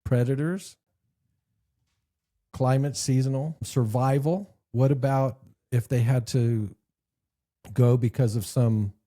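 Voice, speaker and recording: A man's voice: medium pitch, mellow. A man co-hosting a podcast, telling a rambling joke and leading casual chat. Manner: rambling storyteller, laughs at own jokes. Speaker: podcast co-host.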